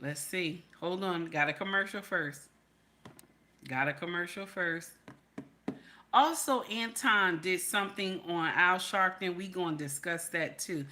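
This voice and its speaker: Woman streamer chatting w her viewers, calls em baby, bright voice, says stuff twice. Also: lowish voice, a little slow, a little hiss or hum. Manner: repeats herself for emphasis. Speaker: livestream host. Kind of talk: casual livestream commentary.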